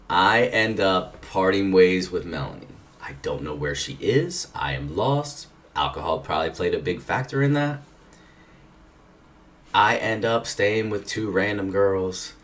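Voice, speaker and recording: Deep-voiced man rambling through a story. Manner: rambling, profane, many filler "like"s. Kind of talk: casual storytelling. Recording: distant mic with faint background noise.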